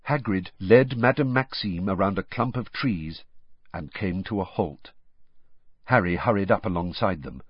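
A man narrating an audiobook with expressive, varied storytelling. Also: fairly low pitch, slightly rough, no echo. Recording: dull, dry lo-fi recording.

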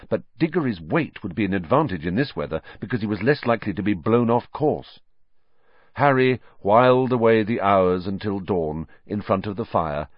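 Man reading an audiobook, low voice, lots of ups and downs, dull dry sound. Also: no echo. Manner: expressive storytelling reading. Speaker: audiobook narrator. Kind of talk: scripted narration.

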